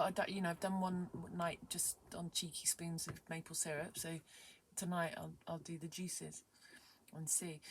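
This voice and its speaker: Young adult woman, low-ish voice, casual vlogger who rambles with lots of fillers and sudden whispers. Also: a little hiss or hum. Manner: excitable, rambling, many fillers, drops to whispers. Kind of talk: casual vlog chat.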